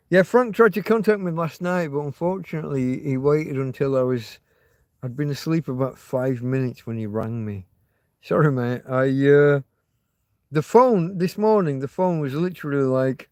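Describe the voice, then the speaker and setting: A man's voice: medium pitch, measured pace, darkish tone, no room sound, clean studio sound. A man hosting a casual livestream, rambling, swearing freely and reading out viewer comments. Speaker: livestream host.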